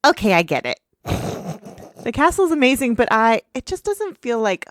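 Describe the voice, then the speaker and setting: A woman putting on a frazzled young pony princess from a cartoon, squeaky and pitched way up. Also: very animated, normal speed, fairly bright tone, no room sound, clean studio sound. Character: anxious, bookish young female pony princess. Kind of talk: reading cartoon dialogue aloud.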